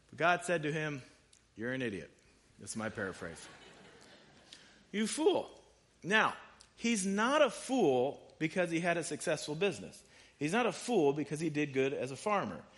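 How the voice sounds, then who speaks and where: A man delivering a sermon in an easy, conversational way, his voice sitting a little higher than most men's. When he reads scripture aloud, his emphasis builds. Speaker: pastor.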